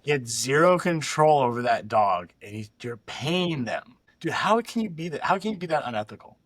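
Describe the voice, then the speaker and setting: A man's voice: medium pitch, sing-song, moderate pace, a bit bright, no room sound. Blunt, heated man with dry sound. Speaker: dog trainer, co-host. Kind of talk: reaction commentary.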